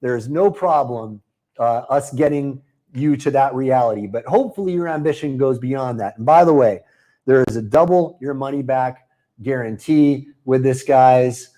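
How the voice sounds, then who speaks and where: A man hosting a live webinar, pitching a marketing program in a chatty, upbeat way and answering viewers by name. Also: normal speed, mellow.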